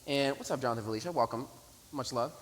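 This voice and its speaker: A man's voice: mid-range voice, fast. A young man, a pastor for young adults, preaching a casual, conversational sermon and acting out a story. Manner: animated storytelling, voices the people in his story; casual, talks to the congregation directly. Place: church sanctuary. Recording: hissy room recording with long hall reverb.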